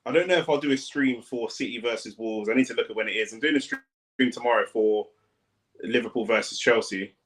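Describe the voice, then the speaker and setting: A young man, a fan streamer giving casual, slangy live commentary on a football match, breaking into sudden loud outbursts. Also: medium pitch, brisk.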